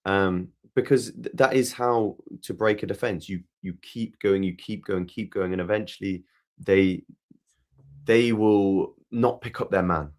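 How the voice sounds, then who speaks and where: A man's voice: fairly low pitch, steady tone, measured pace, a little mellow. A man co-hosting a live football fan stream, explaining earnestly with analogies and frequent restarts. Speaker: co-host of a football fan show. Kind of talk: casual live-stream chat.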